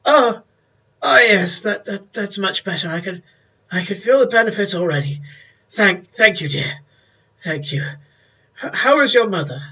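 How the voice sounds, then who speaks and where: A man's voice: sits high, animated, unhurried, pauses often, bright, forceful tone, breathy edge, far from the mic, dull audio, voice pushed up, heavily acted. A man voicing a frail, fussy old man who stammers and calls out, feeling the cold. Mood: grateful. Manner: quavering, stammering and calling out.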